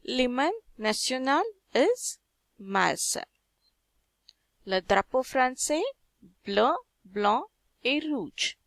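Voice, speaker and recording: A woman's voice: high-pitched, expressive, takes it slowly, vocal fry, pauses often, a bit bright, no echo, clean studio sound. A woman with an Indian accent, teaching a French lesson patiently in English, asking viewers questions and reading French terms aloud. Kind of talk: slow step-by-step lesson.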